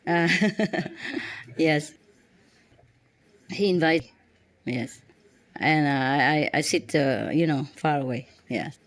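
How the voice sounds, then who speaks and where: Woman, halting. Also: low-pitched. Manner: halting, frequent restarts and fillers. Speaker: spiritual teacher. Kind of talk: personal storytelling to students.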